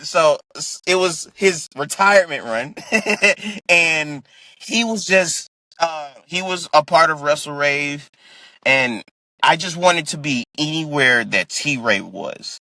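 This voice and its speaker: Bright, laughing man in casual chat. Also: a little high, lively intonation, slow pace, dry recording. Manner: laughs often, restarts sentences. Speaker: wrestler guest. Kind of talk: casual podcast interview.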